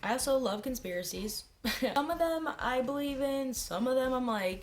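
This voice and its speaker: High-voiced young woman, candid vlog chatter. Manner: candid, rambling and self-deprecating, swears freely; quick asides with laughs. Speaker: vlogger. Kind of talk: casual talking-head vlog.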